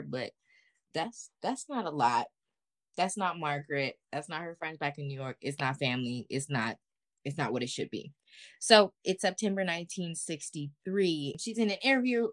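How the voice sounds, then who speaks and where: A woman with a low voice co-hosts a podcast, telling a story in an animated, slangy way and swearing freely. Her voice is close and dry, with no room sound around it. She talks casually. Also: no room sound. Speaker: podcast co-host.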